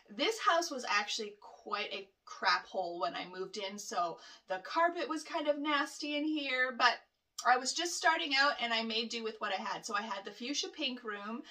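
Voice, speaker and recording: A woman in her thirties chats to camera in her home nail studio, rambling happily with plenty of fillers and little laughs. Her voice sits a little high and sounds bright and crisp. She is picked up from a bit back from the microphone. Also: distant mic. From Canada. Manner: chatty, rambling, laughs often, many fillers. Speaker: nail technician vlogger. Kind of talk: casual chat to camera.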